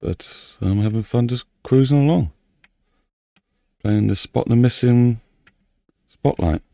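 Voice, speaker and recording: Man, mellow dark tone, breathless, muttering thoughts aloud. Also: mid-range voice, takes it slowly, vocal fry, no room sound, clean studio sound. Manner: muttering and thinking aloud to himself. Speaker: game map modder. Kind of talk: casual commentary while building a game map.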